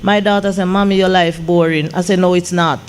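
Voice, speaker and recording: A woman's voice: lowish voice, a little fast, a little hiss or hum. A woman, a gospel singer and songwriter telling an emotional story as an interview guest, with lots of "I said" retellings. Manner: animated, repeats "I said" when retelling.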